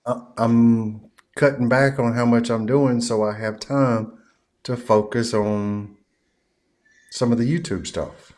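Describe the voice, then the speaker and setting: An American HVAC technician speaks on a podcast at a slow, unhurried pace. His voice is mid-pitched and his manner plainspoken and deliberate. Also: flat delivery, darkish tone. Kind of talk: casual chat.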